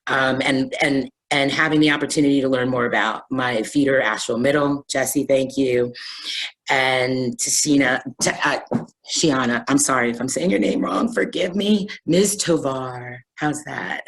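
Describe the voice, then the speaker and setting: Woman with a really deep low voice, earnest and rambly, wrapping up a video call panel. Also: low-quality recording. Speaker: panel moderator. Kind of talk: webinar panel discussion.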